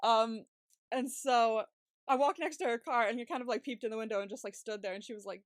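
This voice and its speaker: A woman's voice: on the high side, fast talker, no room sound, studio quality. A young woman co-hosting a podcast, telling a long story in a chatty, laughing way with lots of swearing and fillers. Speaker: podcast co-host. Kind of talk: casual storytelling chat.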